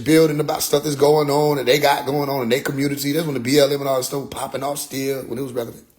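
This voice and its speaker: On his podcast, a young host with a slightly high voice tells a story casually, swearing, staying animated, and sometimes imitating the voices of others.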